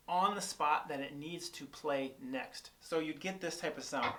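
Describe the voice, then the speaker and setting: Relaxed man teaching guitar, loose fillers. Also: on the high side, moderate pace, hardly any pauses. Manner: relaxed, thinking aloud with many fillers and restarts. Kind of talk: casual guitar lesson. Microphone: on-camera shotgun mic. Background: guitar playing between phrases.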